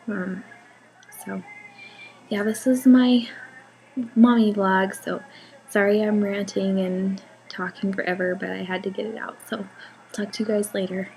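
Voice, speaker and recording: Young mom vlogging at home, soft halting voice that keeps dropping near a whisper, faint room hum. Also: female voice, mid-range voice, flat delivery, gravelly, poor audio. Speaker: mother vlogging about her daughter. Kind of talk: emotional personal vlog.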